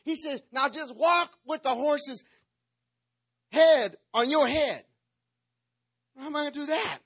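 A man's voice: very high voice, takes it slowly, fairly bright tone. A man preaching a sermon, telling a playful, dramatic story and acting out the parts. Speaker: pastor.

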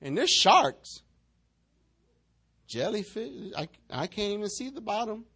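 A preacher who talks fast and high, with his pitch leaping up and down as he works the room. He jokes and acts out the people in his story. His delivery moves between loud bursts and quiet asides. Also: breathy edge. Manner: animated, joking, acts out quotes. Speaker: pastor. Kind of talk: sermon.

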